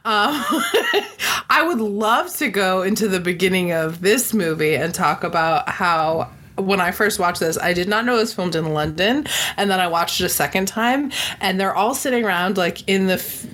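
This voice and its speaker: A woman co-hosting a relaxed movie discussion, with a voice sitting squarely in the middle range. She talks in loose, rambling sentences packed with "like", and laughter keeps slipping out between her points. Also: mid-range voice, moderate pace. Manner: chatty, frequent "like", laughs between thoughts. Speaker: podcast co-host. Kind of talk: casual movie-review chat.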